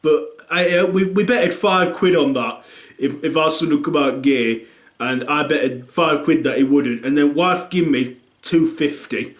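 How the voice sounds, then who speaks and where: Brief: male comic as a rambling, foul-mouthed dad, slightly high voice, roomy sound. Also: measured pace, natural voice. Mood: gossiping. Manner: rambling, crude, full of fillers and restarts. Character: blunt, crude northern English dad, thirties. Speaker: comedy character. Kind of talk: scripted comic monologue.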